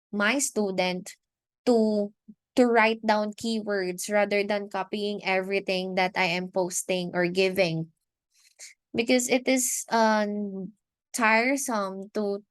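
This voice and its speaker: A woman with a Filipino accent teaches a recorded lesson at an unhurried pace. She works through each point in a measured way, repeating and restarting phrases as she goes. The sound is dry and close, with no room around her voice. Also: mid-range voice, no echo. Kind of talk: recorded online lecture.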